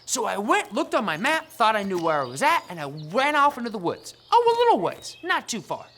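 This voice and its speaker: A woman hosting a children's church show, telling a Bible lesson in a playful, animated storytelling manner. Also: a little high, fairly quick. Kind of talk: lively kids' Bible lesson.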